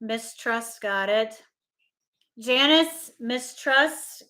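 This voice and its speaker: Slow, high-voiced woman reading trivia. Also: pushed and bright. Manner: reads questions slowly and repeats answers. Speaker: co-host reading trivia questions. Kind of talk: casual livestream chat.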